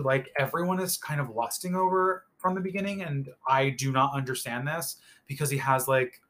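A man's voice: mid-range voice, sharp tone. A man giving a casual, opinionated recap of a reality show, rambling with lots of filler words and swearing freely.

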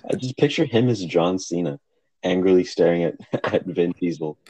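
A man's voice: deep voice, expressive, normal speed, warm tone, no room sound, rough recording. A young man co-hosting a casual podcast, joking and swearing, laughing often, talking on a phone. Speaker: podcast co-host. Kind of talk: casual chat.

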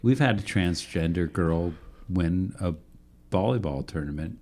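A man's voice: deep voice, expressive, a little slow, a little mellow. A man co-hosting a casual sports podcast, joking and rambling through loose banter. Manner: joking, rambling, self-deprecating. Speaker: podcast co-host.

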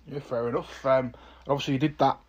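A man's voice: medium pitch, steady tone, fast talker, a little mellow, breathy edge, dull audio. A man hosting an interview, asking conversational, leading questions. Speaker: host.

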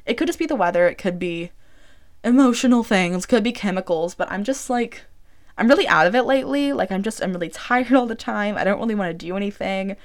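A woman's voice: medium pitch, animated, fairly quick. Chatty young woman podcaster. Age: about 20. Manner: chatty, rambling, heavy use of "like". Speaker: podcast host. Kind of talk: casual solo podcast chat. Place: small room she records in.

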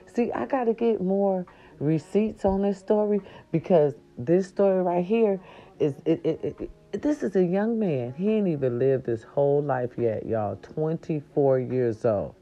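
Furious low-voiced woman ranting, lo-fi audio. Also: measured pace. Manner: angry, profane, swings into high shouted outbursts. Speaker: vlogger. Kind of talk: impassioned commentary rant. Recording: slightly dull lo-fi audio.

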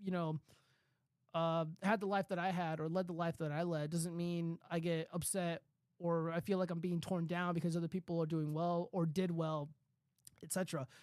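A man's voice: fairly high pitch, level tone, moderate pace, darkish tone, clean tone, no room sound, studio quality. Rambling, profane male streamer. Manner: loose, profane, rambling with many fillers. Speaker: streamer host reading news and chat comments. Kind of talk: casual commentary stream.

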